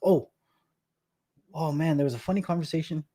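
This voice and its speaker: A man's voice: fairly high pitch, moderate pace, mellow. A man in his thirties from Canada, chatting casually on his live stream and telling stories with a laugh. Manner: chatty storyteller, laughs often, repeats words.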